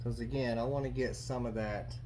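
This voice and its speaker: A man hosting a casual barbecue cooking vlog, relaxed and chatty, thinking aloud with plenty of fillers. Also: mid-range voice, a little fast, noisy background. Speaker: barbecue channel host.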